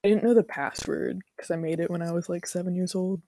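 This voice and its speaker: Twenties woman podcaster rambling on, kinda low voice, dry mic, jokey and self-deprecating. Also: fairly even intonation, fast, dark tone, dry recording. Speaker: podcast co-host. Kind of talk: casual chat.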